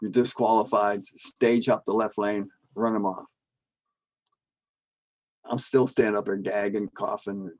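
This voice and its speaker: Older man telling a lively story. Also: fairly low pitch, measured pace, pauses often, dry recording, low-quality recording. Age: 70s. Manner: animated, acts out shouting in his quotes, laughs between lines. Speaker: guest, former drag strip starter.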